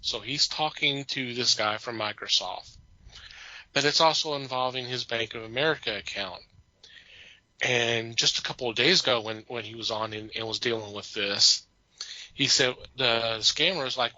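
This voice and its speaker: A man rambles through an amused story as a podcast co-host, often restarting his sentences. His voice is very bright and sits close in a dry space. The audio sounds a little dull. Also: medium pitch, normal speed, no room sound. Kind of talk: casual chat.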